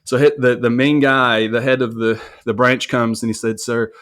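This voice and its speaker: A man's voice: mid-range voice, level tone, moderate pace, fairly bright tone. A man telling a story about his own mistake in a candid, self-reflective way, with frequent restarts and repeated words. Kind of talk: conversational storytelling.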